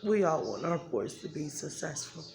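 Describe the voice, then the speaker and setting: A woman's voice: low-pitched, big pitch swings, moderate pace, darkish tone. A woman talking candidly to her viewers in a blunt, emotional way, swearing freely. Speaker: vlogger. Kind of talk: candid talk to camera.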